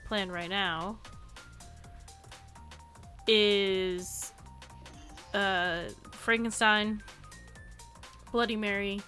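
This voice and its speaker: Slow, bright-voiced woman streamer. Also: mid-range voice. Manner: chatty, giggles often. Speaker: live streamer. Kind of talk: casual game stream chat.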